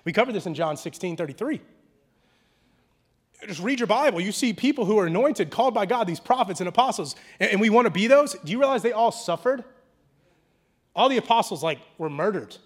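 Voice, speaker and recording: With a high-pitched, breathy-edged voice and a slightly quick pace, a pastor gives a relaxed, slang-filled sermon. He alternates between intimate quiet and loud, animated delivery.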